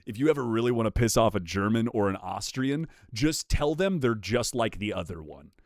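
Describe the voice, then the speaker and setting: Lively, swearing young streamer guy. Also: lowish voice, normal speed, no room sound, studio quality. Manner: animated, profane, joking banter with chat. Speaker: live streamer reading chat. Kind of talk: casual live-stream chat.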